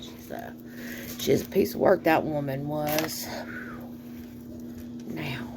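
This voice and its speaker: Here a middle-aged Southern woman with a matching accent vlogs while cooking, chatting folksily and slowly with fillers and sighs as she rambles. Her low voice is gravelly and steady in tone, set against background noise.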